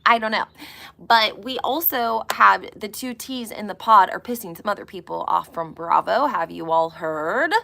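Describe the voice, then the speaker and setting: A woman's voice: medium pitch, moderate pace, vocal fry, sharp tone. A woman chatting casually on a live stream about reality TV, often checking in with her viewers by asking "okay?" and "right?". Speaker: celebrity gossip vlogger.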